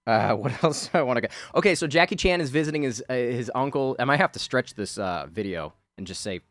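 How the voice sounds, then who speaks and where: A man's voice: medium pitch, expressive, fast talker, a bit bright, no echo. A man giving rambling, chatty voice-over commentary on a video of his drawing, full of fillers.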